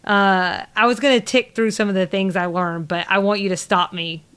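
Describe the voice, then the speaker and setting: A woman's voice: mid-range voice, steady tone, moderate pace, a bit bright, clear, resonant tone. Southern woman podcast co-host, chatty, rambling recap delivery. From American South. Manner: rambling, many fillers and restarts. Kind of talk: casual chat recap.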